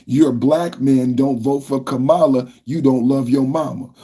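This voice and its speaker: Husky man ranting on a livestream. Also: medium pitch, moderate pace, hardly any pauses, mellow. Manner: ranting, repetitive, talks to chat. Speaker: podcast host. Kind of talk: livestream political commentary.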